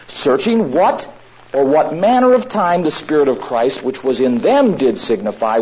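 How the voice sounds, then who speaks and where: A man's voice: medium pitch, a little mellow, husky. A man preaching a sermon, emphatic, who repeats his key lines for stress. The recording sounds dull and lo-fi, with faint noise behind him.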